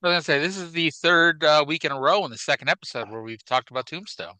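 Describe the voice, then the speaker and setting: A man's voice: fairly high pitch, quick pace, sharp tone, no echo, low-quality recording. A man co-hosting a wrestling podcast in a casual, rambling chat. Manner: chatty, rambling, with fillers. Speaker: podcast co-host.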